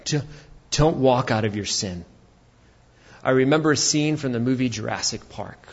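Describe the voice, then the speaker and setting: Husky-voiced man preaching a sermon. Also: mid-range voice, normal speed, highs cut off. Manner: animated preaching, shouting for emphasis. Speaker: pastor.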